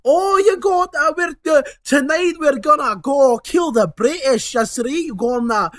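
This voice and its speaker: A man putting on a gruff Scottish cartoon groundskeeper in a mock Scottish accent, shouting in an exaggerated way. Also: very high-pitched, expressive, a little slow, voice pushed up, exaggerated voice. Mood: blustering.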